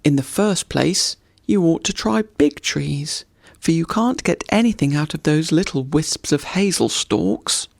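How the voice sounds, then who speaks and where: A man voicing a cheeky male woodpecker in a storybook reading, shrill and laughing. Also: lively intonation, a little slow, vocal fry, no room sound, studio quality, heavily acted. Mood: gleeful.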